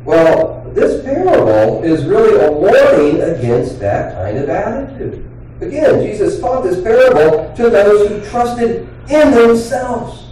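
Guy giving a sermon, kinda high voice, earnest and chatty, roomy church sound w faint hiss. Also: very animated, warm tone. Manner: earnest, conversational preaching with pauses and restarts. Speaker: pastor. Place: church sanctuary. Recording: very echoey hall, voice from far off.

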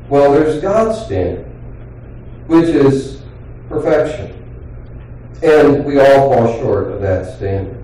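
A man's voice: medium pitch, very animated, mellow, a little hiss or hum. Man preaching in a very echoey church. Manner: earnest, conversational preaching with pauses and restarts. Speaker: pastor. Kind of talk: sermon. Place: church sanctuary. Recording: very echoey hall, voice from far off.

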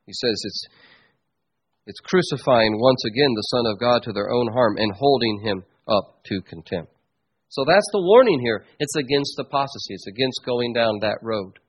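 Male preacher, husky middle-pitched voice, earnest teaching sermon with hushed asides. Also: lively intonation, moderate pace. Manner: emphatic teaching, swings between loud stresses and quiet asides. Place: church.

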